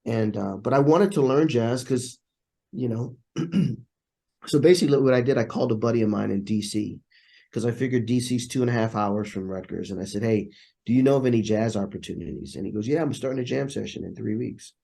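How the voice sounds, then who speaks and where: A man's voice: mid-range voice, fairly quick, vocal fry, warm tone. A man, a trumpet player and interview guest, telling stories in casual conversation and acting out the voices of people he quotes.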